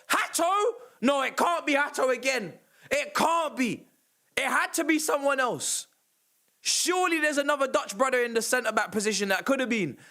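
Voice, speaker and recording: High-pitched exasperated football streamer. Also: male voice. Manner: sarcastic, exasperated, swears, shouts at refereeing calls. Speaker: livestream host reacting to a football match. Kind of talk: live match reaction stream.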